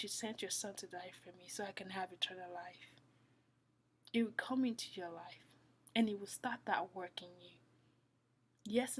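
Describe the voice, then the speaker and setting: A woman giving a heartfelt devotional talk, earnest and repetitive, often falling to a soft whisper. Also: mid-range voice, slightly rough. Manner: earnest, repeats phrases, drops to soft whispers. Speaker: Christian speaker.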